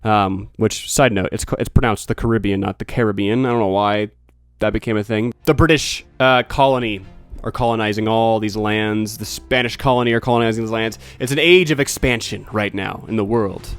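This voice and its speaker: A man's voice: fairly low pitch, normal speed, clear, resonant tone, no room sound, soft background music. A man narrating as game master for a tabletop game, rambling and correcting himself with lots of fillers.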